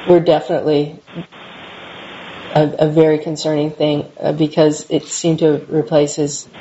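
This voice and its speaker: A middle-aged woman in an interview, recalling her past in a halting, reflective way with many restarts. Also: deep voice, level tone, dark tone. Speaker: interviewee, mother. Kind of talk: personal recollection interview. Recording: dull lo-fi recording, faint hiss.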